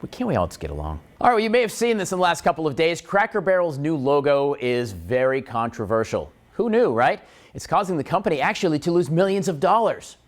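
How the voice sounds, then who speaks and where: Male morning show host, slightly high and very animated delivery, punny and wisecracking. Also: fast talker. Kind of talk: jokey morning show chat.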